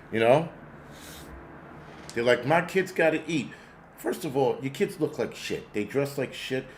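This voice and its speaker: A man's voice: medium pitch, slight background noise. Blunt, profane male ranter. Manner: sarcastic, exasperated. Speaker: host. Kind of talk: ranting commentary reading chat.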